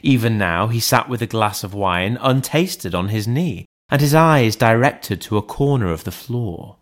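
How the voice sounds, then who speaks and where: A man narrating an audiobook in a measured, deliberate reading voice. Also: on the low side, lively intonation. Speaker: audiobook reader. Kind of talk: scripted narration.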